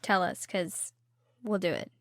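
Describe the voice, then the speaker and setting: Young woman, podcast co-host, playful banter, mid-pitched voice, dry recording. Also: measured pace, vocal fry, fairly bright tone, no room sound. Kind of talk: casual chat.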